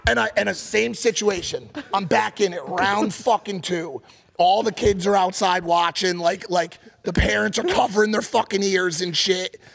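A man co-hosting a podcast, telling a story in a casual, animated and profane way, acting out shouted quotes. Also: high voice, normal speed, creaky. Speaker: podcast co-host. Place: podcast studio.

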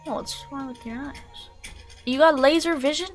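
Brief: young woman's offhand let's-play mutter, high-pitched, faint music under. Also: fairly even intonation, a little slow, fairly bright tone. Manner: mumbling, joking asides, swears. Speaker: gaming channel host. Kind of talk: casual let's-play commentary.

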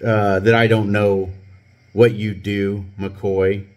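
A man's voice: lowish voice, flat delivery, takes it slowly, a little mellow. A man voicing an angry, unethical male police sergeant who barks accusations. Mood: accusing. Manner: barking, accusing, indignant.

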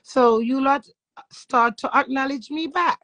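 The recording is dry and a bit bright as a high-voiced Jamaican woman speaks at a measured pace. A social media personality, she rants crudely and brashly on a phone live stream on Instagram, defying her critics.

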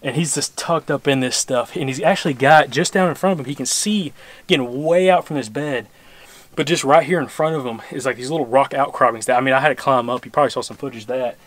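A man hosts a hunting channel, giving an excited field walkthrough on a bluff outdoors. He rambles and repeats words as he goes, and his pitch sits at a middling level. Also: quick pace.

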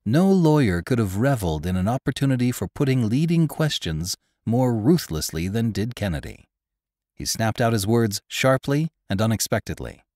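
A man narrating a classic story for a podcast in a measured, expressive storytelling manner. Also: medium pitch, no room sound, clean studio sound.

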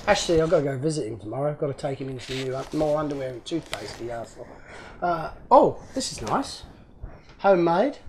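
A man's voice: a little high, a little mellow, a little hiss or hum. An Australian man chatting casually while unboxing toy models as host of his channel, rambling and joking at his own expense. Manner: chatty, rambling, self-mocking jokes. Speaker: model car restorer and YouTuber.

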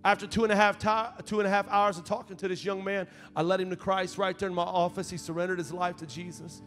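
A man's voice: high voice, flat delivery, quick pace, fairly bright tone, soft background music. A young man preaching a sermon as associate pastor, telling a personal story in a conversational way and rising to fervent appeals. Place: church sanctuary.

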